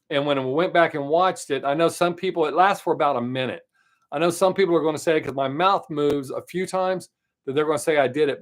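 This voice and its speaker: A man with a Southern accent, hosting a live stream from home and chatting in a rambling, casual way. He says he tries to talk fast. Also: a little high.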